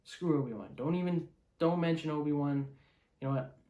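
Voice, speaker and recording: A man's voice: a little high, brisk, warm tone, echoey room, lightly acted. A man voicing a tormented young male Jedi knight in an offhand, casual tone. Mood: scornful.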